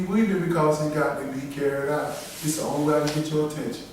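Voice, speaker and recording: A man preaches with emphatic force, urging a reader on between passages. His higher voice rings through a very reverberant room. The mic sits some way off, with faint room ambience behind him. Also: fast talker, few pauses, recorded from a distance, slight background noise. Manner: emphatic, preaching in dialect with call-and-response to a reader. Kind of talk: sermon.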